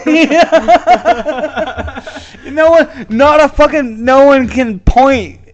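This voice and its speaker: A young man chats loosely as a podcast co-host, his high voice climbing as he laughs. His speech runs a little slurred, and he rambles through stories, cursing freely. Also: extremely slow, highs cut off. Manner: rambling, laughs often, swearing. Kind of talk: casual chat.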